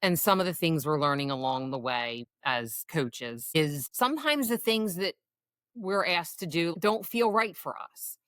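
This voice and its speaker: A woman's voice: low voice, animated, unhurried, a bit bright, no echo. A woman in her forties co-hosting a casual podcast as a coach, giving earnest, encouraging advice. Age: 40s.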